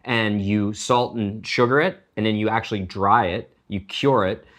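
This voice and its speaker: A man's voice: lowish voice, steady tone, moderate pace, a bit bright. Chatty man cooking and explaining. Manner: chatty, explains as he cooks, jokey tangents. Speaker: chef and cooking show host. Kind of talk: casual cooking demonstration.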